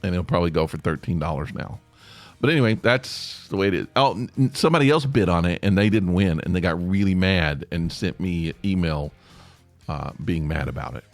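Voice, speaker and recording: Podcast host, male, low voice with a lively swing, chatty and rambling, dry close mic with faint music under. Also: a little fast, no room sound. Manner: rambling, chatty, with many fillers and restarts. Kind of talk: casual solo podcast monologue.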